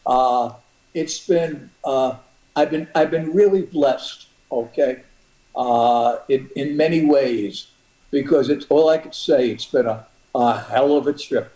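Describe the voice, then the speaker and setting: An older man speaking as a guest on a broadcast interview, earnest and halting, with many restarts. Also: mid-range voice, warm tone. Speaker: guest, boxing manager. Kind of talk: reflective interview talk. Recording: roomy echo.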